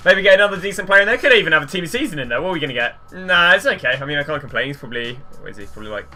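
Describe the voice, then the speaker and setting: A young man chatting casually through pack openings, rambling and getting excitable at big pulls. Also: on the high side, rapid-fire. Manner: excitable, chatty, rambling, gets loud at walkouts. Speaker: gaming YouTuber.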